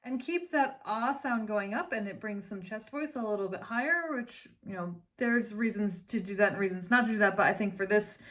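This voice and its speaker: A woman teaching singing in a relaxed, chatty way, breaking off to sing short demonstration lines. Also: medium pitch, normal speed, hardly any pauses. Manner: chatty, explanatory, with sung demonstrations. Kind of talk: casual vocal lesson.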